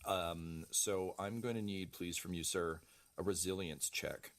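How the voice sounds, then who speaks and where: A low-voiced man runs a tabletop role-playing session. His narration is loose and halting, packed with ums and uhs and the odd casual curse, as he describes the action to his players. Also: fairly even intonation, a bit bright. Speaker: game master.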